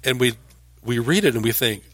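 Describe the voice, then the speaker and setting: A man's voice: mid-range voice, lively intonation, fairly quick, fairly bright tone, dry recording. A man teaching scripture verse by verse. He explains as he goes, restarting some words and lifting his voice for emphasis. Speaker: Bible teacher.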